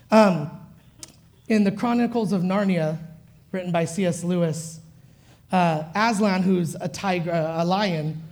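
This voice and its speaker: A woman's voice: fairly low pitch, a little mellow. A woman preacher giving a sermon in a conversational, chuckling way and drawing the congregation in.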